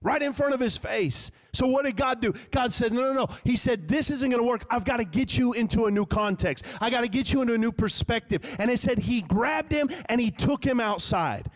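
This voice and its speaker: A man's voice: very high voice, lively intonation, brisk, hardly any pauses. A male pastor preaching a live sermon in a church, talking conversationally and acting out prayers as quoted speech. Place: church sanctuary. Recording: live church hall reverb.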